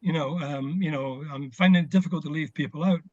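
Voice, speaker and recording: A man's voice: a little high, a little fast, no echo, highs cut off. An older man, a former footballer, chatting as an interview guest over a video call, telling stories with plenty of fillers. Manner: reminiscing, warm storytelling with fillers. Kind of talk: casual video call chat.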